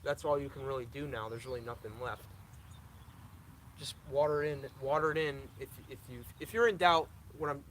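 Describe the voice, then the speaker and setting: A young man hosts a live question-and-answer stream, reading viewer questions aloud and answering them. He talks casually and repeats himself, tripping over words now and then. His voice sits at an ordinary pitch, with a faint hum of noise in the background. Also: steady tone, fairly quick, fairly bright tone, rough recording. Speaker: lawn care channel host.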